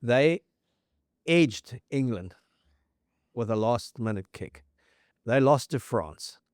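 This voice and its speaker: A man's voice: mid-range voice, animated, takes it slowly, a little mellow, no echo. Rugby podcast host: man with a mid-range voice, dry close recording, fact-heavy storytelling full of scores. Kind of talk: casual rugby chat.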